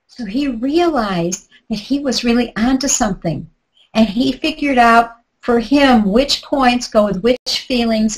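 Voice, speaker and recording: A woman's voice: mid-range voice, poor audio. A middle-aged woman teaching a tapping technique in a live online workshop, chatty and guiding step by step with asides. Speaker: tapping instructor.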